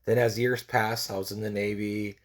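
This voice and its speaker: A man's voice: fairly low pitch, flat delivery, normal speed. A man in his forties from California telling a personal story in a casual way, repeating phrases and acting out the people he quotes. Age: 40s.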